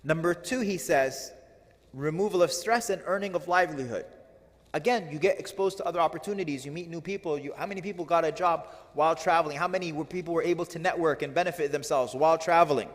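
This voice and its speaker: Male religious teacher, lively lecturing delivery with rhetorical questions, somewhat high pitch, long hall reverb. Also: fast. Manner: animated, rhetorical questions to the audience. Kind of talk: lecture explaining classical poetry.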